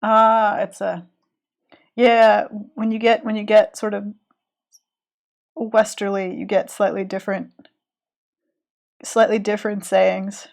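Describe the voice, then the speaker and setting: A woman's voice: medium pitch, takes it slowly, vocal fry, pauses often. A woman with a Southern American accent, chatting casually and thinking aloud while she draws live on stream. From Southern United States. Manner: relaxed, thinking aloud, trailing off while concentrating. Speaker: streaming illustrator.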